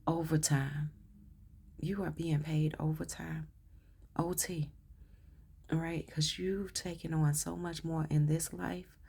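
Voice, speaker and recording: Low, gravelly-voiced woman reading tarot. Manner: emotional, affirming, drops into soft whispers. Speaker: tarot reader.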